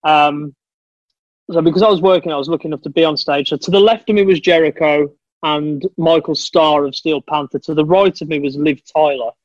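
A man's voice: a little high, fairly even intonation, a little fast, no echo. A man chatting casually on a podcast, an enthusiastic storyteller who calls people mate. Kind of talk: casual chat. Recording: dull lo-fi dry sound.

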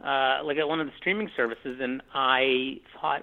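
A man's voice: medium pitch, steady tone, normal speed. A man, a film director, talking about his work in an interview, casual and rambling with many fillers and restarts. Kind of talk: conversational interview. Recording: tinny phone-line sound.

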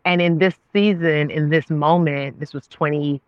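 A woman in her thirties, a guest on an interview show, telling her story with lively voices for her own past words. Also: moderate pace, no echo, highs cut off. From Nigerian family. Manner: expressive, acts out her own past words with big pitch jumps. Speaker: guest, actress and author.

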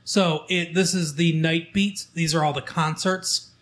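A man hosting a local show, reading from a newspaper in casual chat, halting with fillers and restarts as he goes. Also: a little high, steady tone, fairly bright tone, slight background noise.

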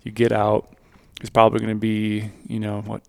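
Podcast co-host, man; low, gravelly voice, animated storyteller, dry sound. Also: moderate pace, no echo. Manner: animated storyteller, quotes his own thoughts. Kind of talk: casual storytelling chat.

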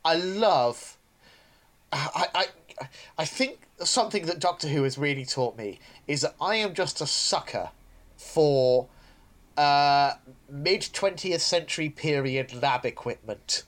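A man's voice: a little high, expressive, slow, fairly bright tone. A man chatting on a podcast, rambling with many restarts as he enthuses. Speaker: podcast co-host. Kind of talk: casual podcast chat.

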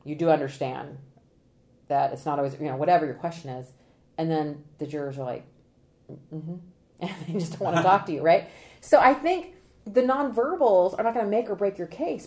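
A woman trial consultant giving an interview, talking with energy, laughing and acting out what jurors say. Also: lowish voice. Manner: energetic, animated, acts out quotes with laughs. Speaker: trial consultant and presentation coach. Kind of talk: podcast interview guest.

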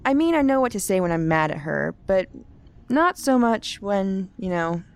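A woman's voice: medium pitch, very animated, moderate pace, a little mellow. A woman voicing a guarded young woman who talks in a dry, wry way.

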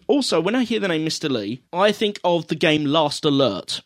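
A man chatting casually on a podcast, his pitch swinging up and down as he riffs. He swears freely and quotes lines in funny voices. The sound is dry and close. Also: very animated, normal speed, dry recording. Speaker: podcast co-host reviewing a film. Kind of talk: casual chat.

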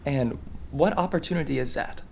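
A man's voice: mid-range voice, normal speed, vocal fry, a little hiss or hum, close to an everyday voice. A guarded young farmer, voiced by a man in an audio drama, with a mid-range voice. He answers in clipped, dry lines laced with sarcasm and holds back his resentment. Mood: bitter. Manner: curt, guarded, dryly sarcastic.

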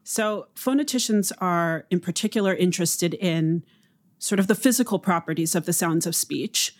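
A woman linguistics professor, a guest on the show, explaining her research in a measured way. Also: on the low side. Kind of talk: interview explanation.

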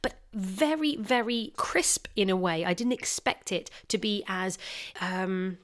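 A woman presenting a wine tasting and then interviewing a guest, talking in an effusive, enthusiastic way. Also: fairly high pitch.

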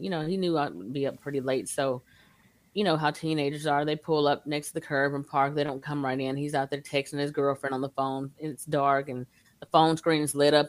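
A woman, a guest telling her story in a casual, animated way. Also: low-pitched, no echo.

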